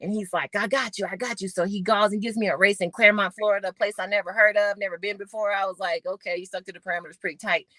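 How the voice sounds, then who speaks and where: A middle-aged woman, a podcast guest and former Olympic sprinter, telling her story with animated retellings of conversations. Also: mid-range voice, fast, hardly any pauses, no echo. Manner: animated storyteller acting out quoted voices.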